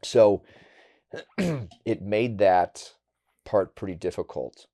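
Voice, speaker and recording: A middle-aged man from Wisconsin, a podcast guest telling a personal story candidly and bluntly, going quiet and halting on hard memories. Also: fairly low pitch. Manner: candid and blunt, with casual swearing.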